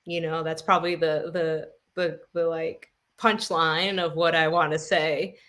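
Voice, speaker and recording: A woman's voice: low-pitched, flat delivery, unhurried, fairly bright tone. A woman talking as a podcast guest in a casual conversation, reflective and searching for the right words.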